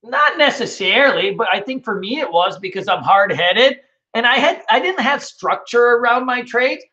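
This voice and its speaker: A man's voice: very high voice, expressive, normal speed, pushed and bright, lo-fi sound. A man hosting a casual trading webinar, answering viewer questions in a loose, rambling way with many fillers.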